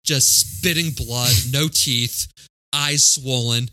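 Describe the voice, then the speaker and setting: A man's voice: mid-range voice, steady tone, takes it slowly, sharp tone, no echo. A man hosting a casual movie-chat podcast, blunt and profane, laughing often. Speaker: podcast host.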